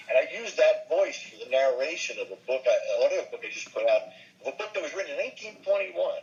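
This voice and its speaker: An older male voice actor chats through an interview, telling animated stories and slipping briefly into character voices. His voice sits fairly high, and the recording is muffled and lo-fi. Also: a little fast, faint music behind. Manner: animated storyteller, slips briefly into impressions. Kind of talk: casual interview chat.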